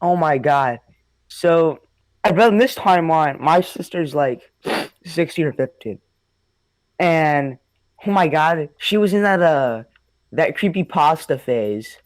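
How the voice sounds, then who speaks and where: A man's voice: fairly high pitch, expressive, slow, long pauses, dry recording. A young man casually telling a spooky childhood story, rambling, swearing a lot and laughing often. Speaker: host.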